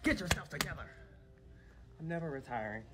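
A man's voice: fairly high pitch, animated, brisk, background noise, lightly acted. A man playing a flamboyant male fashion designer in a short comedy clip, theatrical and fussy, calling everyone darling. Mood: haughty.

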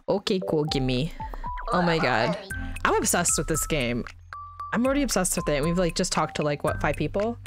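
A woman's voice: fairly low pitch, normal speed. A young woman streaming a video game, chatting casually, laughing often and reading dialogue aloud. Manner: giggly, excitable, often laughing. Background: game music.

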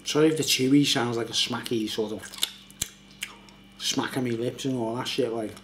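A man's voice: mid-range voice, fairly even intonation, normal speed, background noise. An older man, a little tipsy, rambling and laughing as he reviews a beer late at night at home. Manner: rambling, chatty, laughs often.

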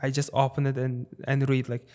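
Young man, from Uzbekistan, Uzbek speaker, podcast guest, rambling with fillers, mid pitch. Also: completely flat delivery, a little fast, darkish tone. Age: young adult. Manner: rambling storyteller, many fillers and restarts. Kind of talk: casual podcast interview.

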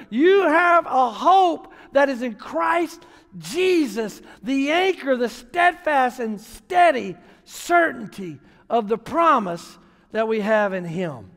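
A man preaching a sermon as pastor, telling a story and rising to emphatic, near-shouted points. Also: very high voice. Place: church sanctuary. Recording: long reverb of a large church hall.

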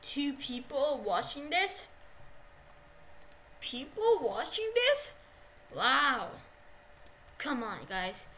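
A young woman livestreaming a game, excitable and repeating herself, yelping at what happens on screen. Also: high-pitched, extremely slow, pauses often, slight background noise, rough recording. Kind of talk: live gameplay commentary.

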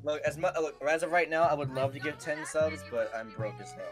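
A young woman streamer in a casual gaming chat, swearing a lot and yelling at an in-game character between laughs. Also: low-pitched, a little fast. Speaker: streamer on a podcast call. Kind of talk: casual chat among gamers. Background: background music.

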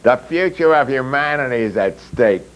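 A man voicing an angry male radical band leader who talks in emphatic shouts. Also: medium pitch, expressive, normal speed, close to an everyday voice, rough recording. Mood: heated.

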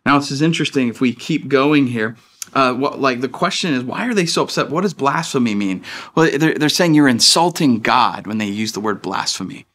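A man in his thirties delivers a sermon in a church. He talks in a loose, chatty way, full of little fillers and restarts, and his voice sits at an ordinary middle pitch. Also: normal speed, a bit bright. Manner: casual conversational preaching with filler words. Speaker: pastor. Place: church stage.

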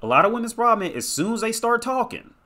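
Animated, profane man ranting. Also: very high voice, fast talker. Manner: profane, blunt, repeats himself. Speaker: commentary vlogger. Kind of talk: ranting reaction commentary.

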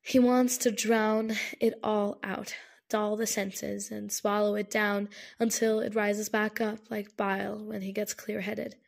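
A woman narrating an audiobook with a steady, measured reading. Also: medium pitch, creaky. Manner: steady, measured reading with present-tense prose.

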